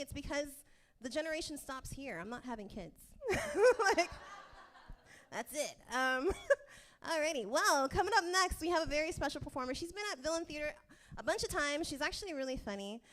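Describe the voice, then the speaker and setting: A woman's voice: high voice, expressive, fairly quick, fairly bright tone. A woman hosting a comedy show, chatting upbeat with the crowd and introducing the next act. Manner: upbeat, chatty, laughs between lines. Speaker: show host.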